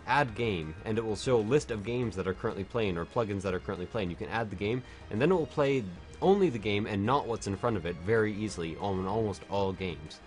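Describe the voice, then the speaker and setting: Brief: tipsy male game streamer, animated and silly, soft music under the talk. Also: fast talker, hardly any pauses. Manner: silly, rambling, jumps to high joking voices. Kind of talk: casual livestream chat.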